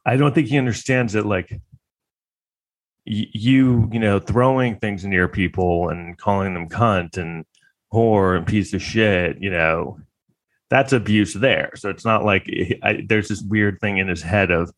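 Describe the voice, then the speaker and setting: Casual male commentator, lowish voice, rambling delivery. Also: animated, moderate pace. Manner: rambling, lots of filler words. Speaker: comedic commentator. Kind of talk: casual comedic recap.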